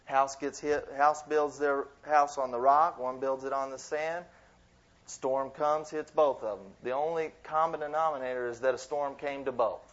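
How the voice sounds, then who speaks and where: A man giving a sermon as a youth minister, in lively, conversational preaching with asides. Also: mid-range voice, normal speed. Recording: dull lo-fi sound.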